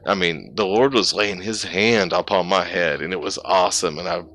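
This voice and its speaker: Emotional man with a bright, forceful voice. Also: sits low, normal speed, slight background noise. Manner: heartfelt and emotional, rambling with restarts. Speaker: pastor and gaming streamer. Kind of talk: personal testimony on a live game stream. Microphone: gaming headset.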